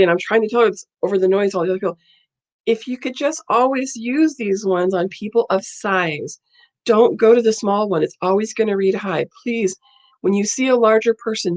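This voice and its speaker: Blunt, indignant woman telling a story. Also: mid-range voice. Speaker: vlogger. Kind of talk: casual storytelling.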